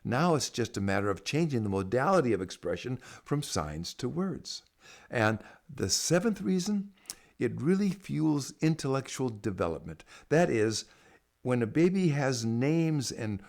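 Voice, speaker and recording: Lively, earnest male sign language educator. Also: medium pitch. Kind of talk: explanatory talk to camera.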